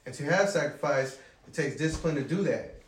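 A man's voice: a little high, a little fast. A man on a podcast telling stories about his relationship in casual, profane chat, quoting his partner along the way. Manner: animated, profane storytelling that quotes his partner. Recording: roomy echo with faint noise.

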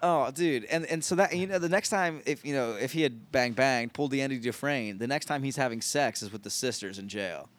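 A man's voice: medium pitch, fairly quick, hardly any pauses, a bit bright. Rambling, joking man on a podcast. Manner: crude joking, rambling with many fillers. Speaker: podcast co-host. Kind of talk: casual chat.

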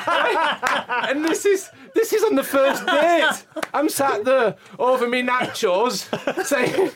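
A man's voice: very high-pitched, expressive, a little slow, over a noisy crowd. A man co-hosting a podcast, telling funny stories in casual chat and laughing often. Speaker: podcast co-host.

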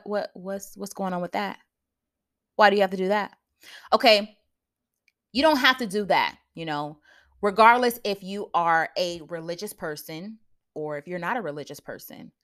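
A woman's voice: medium pitch, a bit bright. Blunt, slangy woman podcast host. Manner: blunt, preachy, laughs often, slangy asides to listeners. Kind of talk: casual advice monologue.

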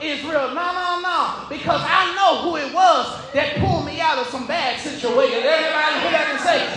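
A pastor preaching a sermon, shouting and whooping in call-and-response with the congregation. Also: male voice, very high voice, moderate pace, few pauses. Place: large church sanctuary. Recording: very echoey hall with crowd.

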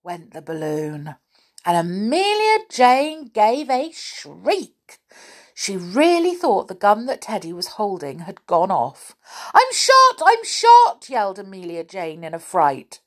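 A woman's voice: mid-range voice, sing-song, takes it slowly, darkish tone. A woman reading a children's story aloud expressively, with amused asides.

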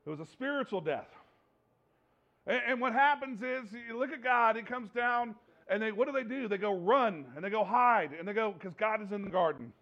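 A man preaching a conversational sermon, joking and animated, repeating phrases for emphasis. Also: sits high, normal speed, dull audio. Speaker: pastor.

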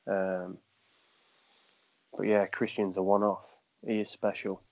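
A man's voice: low-pitched, little pitch movement, slow, a little mellow, no room sound. Man telling stories, dull dry recording. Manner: rambling, laughs through anecdotes. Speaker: footballer guest. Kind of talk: casual storytelling.

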